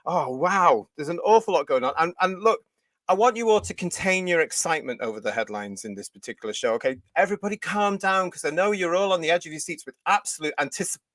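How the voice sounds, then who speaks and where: A man's voice: on the high side, lively intonation, fast, a bit bright, dry recording. A British man hosting a live fan show, talking in a teasing, sarcastic way and laughing often. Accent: British English. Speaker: host. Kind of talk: livestream panel chat.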